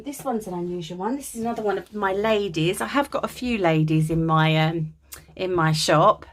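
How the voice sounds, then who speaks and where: A woman from England giving a chatty, gushing show-and-tell of vintage linens from a dim room at home. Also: lowish voice. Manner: gushing and chatty, with many ums. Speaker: crafter showing vintage linens. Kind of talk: casual show-and-tell vlog.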